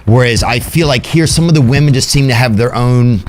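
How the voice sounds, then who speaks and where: A young man with a Southern US accent chatting as a guest, halting and deadpan, with lots of fillers. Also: mid-range voice. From Louisiana, USA. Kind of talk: casual chat.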